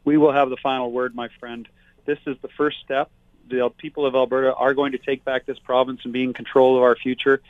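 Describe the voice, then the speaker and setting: A man who is a political candidate, speaking forcefully and indignantly as a guest on a talk show. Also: medium pitch, flat delivery, a little fast, dry recording. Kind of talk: talk radio interview by phone. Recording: tinny phone line.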